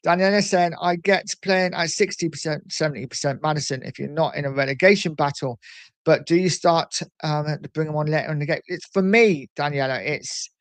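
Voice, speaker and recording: A man hosting a casual livestream, reading out viewer comments in a chatty, animated way with frequent ums. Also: on the high side, no room sound. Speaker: livestream host reading chat. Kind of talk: casual live chat.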